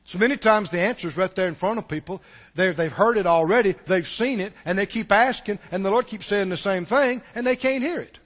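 High-voiced preacher in a reverberant hall. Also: male voice, fairly quick. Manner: storytelling preacher, swings between loud and hushed. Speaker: pastor. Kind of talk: sermon.

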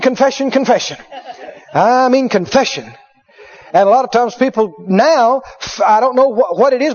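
A high-pitched, middle-aged male preacher delivers a story-driven sermon and hammers phrases home by repeating them. The recording sounds dull and lo-fi. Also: a little mellow. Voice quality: emphatic, repetitive storyteller.

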